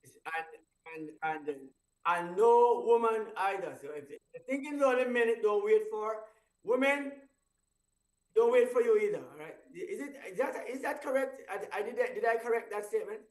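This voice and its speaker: A man's voice: sits high, normal speed. A man hosting a breakfast radio show in casual chat, rambling and restarting his sentences and chuckling at his own stories. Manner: rambling, stumbling restarts, laughing at own story. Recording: roomy echo, voice far from mic.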